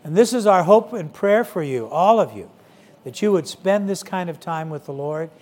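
Man, middle-aged, preacher, conversational sermon, fairly high pitch, frequent fillers. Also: expressive, moderate pace, darkish tone. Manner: conversational, many "you know" fillers. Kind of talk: sermon to young people.

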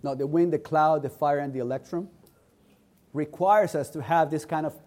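A man delivering a sermon to a congregation, his voice sitting a little higher than most men's. He speaks earnestly and with emphasis, stacking repeated phrases into a rising cadence. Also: fairly even intonation, normal speed, darkish tone. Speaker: preacher.

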